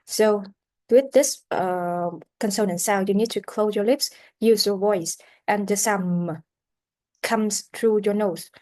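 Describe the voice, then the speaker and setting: A woman leads a pronunciation lesson at a middle pitch, halting on fillers as she explains each sound. She repeats sounds and words slowly so students can copy them. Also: a little mellow. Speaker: pronunciation teacher.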